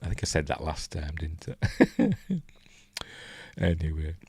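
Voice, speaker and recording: Low-voiced Yorkshire man rambling through a review. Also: animated, measured pace, a little mellow, breathy edge, no echo. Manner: rambling, chatty, thinks aloud. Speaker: film reviewer host. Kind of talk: casual live film breakdown, reading chat.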